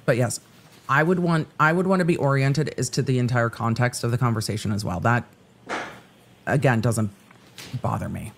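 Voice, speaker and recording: A woman's voice: a bass voice, moderate pace, vocal fry, long pauses, slight background noise. A woman giving live commentary over courtroom footage, pointed and talking over the proceedings. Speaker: legal commentator.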